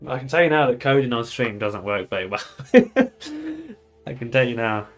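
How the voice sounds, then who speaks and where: A young British man from the United Kingdom chats casually on a live stream in a medium-pitched, slightly bright voice, talking quickly with faint music behind. He's loose, swears often and throws in laughing asides.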